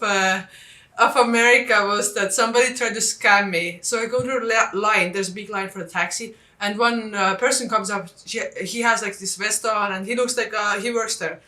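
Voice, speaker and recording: A woman from Estonia, telling travel stories in a casual vlog and acting out the dialogue with lively jumps in pitch. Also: echoey room. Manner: animated, acts out quoted dialogue with big pitch jumps. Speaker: vlogger.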